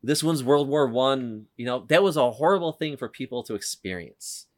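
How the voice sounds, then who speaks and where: A man's voice: mid-range voice, expressive, moderate pace. A man hosting a casual movie podcast, rambling with many fillers and restarts. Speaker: podcast host.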